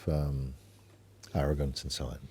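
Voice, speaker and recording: A man acting as a spiritual teacher, talking gently and unhurriedly in an informal talk, often adding tag questions like "you see". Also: a bass voice, little pitch movement, unhurried, slight background noise.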